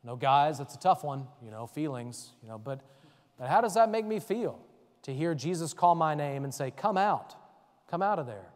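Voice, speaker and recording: A man's voice: a little high, lively intonation, normal speed, in a large hall. A man serving as a deacon, teaching a faith formation class in an earnest, conversational way and often checking in with his listeners.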